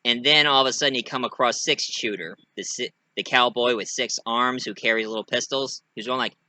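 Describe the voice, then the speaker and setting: A man's voice: brisk, no room sound. A man casually telling his own fan story, rambling and hesitant with many fillers. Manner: rambling, hesitant, lively pitch.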